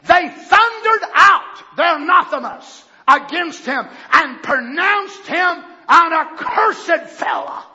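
A male preacher delivering a fiery sermon, moving from quiet explanation to shouting. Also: extremely high pitch, lively intonation, slow pace, few pauses, dull audio.

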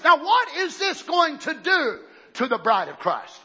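A male preacher delivers a fervent sermon, often shouting and breaking into cries of praise. His voice is very high and bright. The sermon recording sounds dull and lo-fi. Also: wildly swooping pitch, a little slow.

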